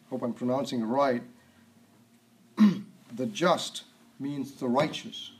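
A man preaching a sermon, stressing and repeating key words and often clearing his throat. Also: medium pitch, expressive, measured pace, pauses often, a little mellow, slight background noise, low-quality recording.

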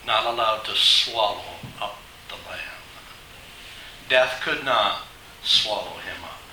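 A man's voice: lowish voice, slow, sharp tone, recorded from a distance, slight background noise. A man preaching a sermon to his congregation, emphatic and asking them rhetorical questions. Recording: echoey hall.

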